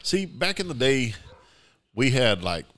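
A man's voice: medium pitch, big pitch swings, unhurried, fairly bright tone. A man co-hosting a casual radio show, telling joking stories and chuckling along. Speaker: co-host.

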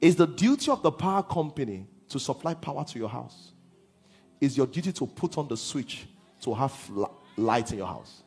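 A man preaching a sermon as pastor, swinging from hushed lines to half-sung shouts. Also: medium pitch, sing-song, normal speed, husky, faint music behind.

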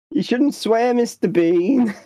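A man's voice: very high voice, animated, slow pace, warm tone, dry recording, voice pushed up, full character voice. A man voicing a naive, childlike male adventurer in a tabletop role-play, earnest and sing-song.

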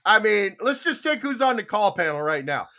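A man in his seventies hosting a podcast panel in casual chat, talking in an excitable, emphatic way. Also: sits high, moderate pace. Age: 70s. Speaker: podcast host.

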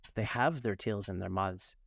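Man doing a mopey touchy mock turtle, low voice, slow and solemn. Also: gravelly, fairly bright tone. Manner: slow, solemn, easily offended.

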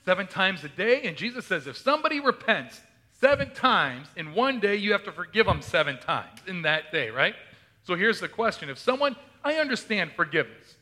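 A man's voice: high-pitched, sing-song, fairly quick, bright, forceful tone. A male pastor giving a conversational sermon, reading scripture aloud and often asking the congregation questions.

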